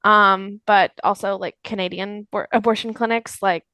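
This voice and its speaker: A young woman from Florida, a podcast guest in casual political chat, animated, swearing freely and laughing often. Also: mid-range voice, normal speed, smooth, no echo.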